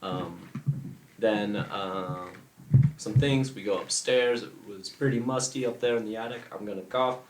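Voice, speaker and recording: A man recapping a tabletop game, hesitant and full of pauses. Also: on the low side. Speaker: player. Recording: echoey room with faint noise.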